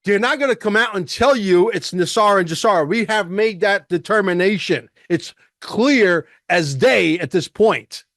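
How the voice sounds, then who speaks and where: Emphatic high-voiced man ranting. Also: animated, normal speed, few pauses, fairly bright tone, no echo, clean studio sound. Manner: emphatic, rhetorical questions, profane. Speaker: podcast host. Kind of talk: ranting commentary over a played clip.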